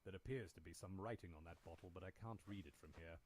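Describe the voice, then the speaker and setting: A man's voice: sits low, fast talker, a little mellow. An actor playing a dutiful, formal male butler in a video game, speaking in proper, elaborate phrasing. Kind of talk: game character voice acting.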